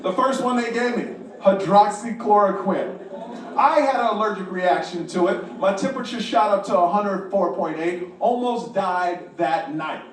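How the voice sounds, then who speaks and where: A male stand-up comedian telling a story with animated delivery, acting out other people's voices and swearing freely. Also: high-pitched, normal speed. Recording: roomy, distant and noisy.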